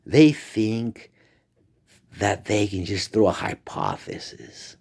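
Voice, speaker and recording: A man's voice: lowish voice, wildly swooping pitch, takes it slowly, gravelly, a little mellow. A man talking in a rambling, profane monologue that often drops to a whisper. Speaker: vlogger.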